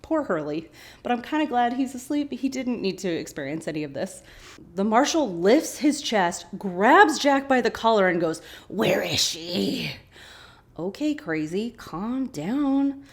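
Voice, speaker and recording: A woman hosting a podcast, casually recapping a TV episode with animated, chatty asides. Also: fairly high pitch, normal speed. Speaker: podcast host.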